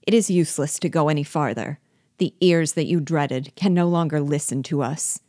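A woman's voice: low voice, moderate pace, a little mellow, no echo, studio quality, close to an everyday voice. A woman voicing a furious young husband, reading his urgent, emphatic demands from a novel.

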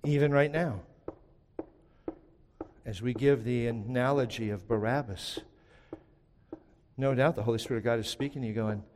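A man preaching a sermon as pastor, shifting between driving emphasis and hushed, slow lines. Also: medium pitch, a little hiss or hum. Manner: preaching with sudden drops to a hushed voice. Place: church sanctuary. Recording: long hall reverb.

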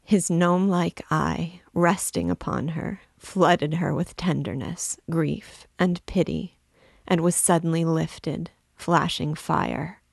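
A woman guiding listeners through a classic novel, reading it aloud in a measured, deliberate way. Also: sits low, creaky, slightly rough, no echo, studio quality. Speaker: book reader and guide. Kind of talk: literary read-aloud narration.

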